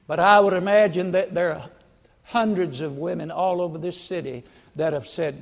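A man preaching a sermon in a folksy storytelling way, often breaking into loud acted-out quotes. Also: fairly high pitch, moderate pace, creaky. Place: church sanctuary. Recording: long church-hall reverb.

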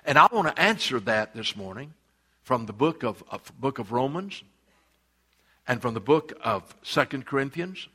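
A man preaching a sermon as pastor. He speaks emphatically, slows down to stress key phrases and reads scripture aloud with his congregation. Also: on the high side, a bit bright.

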